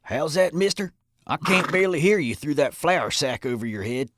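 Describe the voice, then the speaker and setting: A man's voice: a little high, animated, moderate pace, background noise, close to an everyday voice. A man playing a blunt frontier stagecoach driver. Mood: defiant. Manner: folksy, blunt and plainspoken. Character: tough stubborn male stagecoach driver. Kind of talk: audio drama acting.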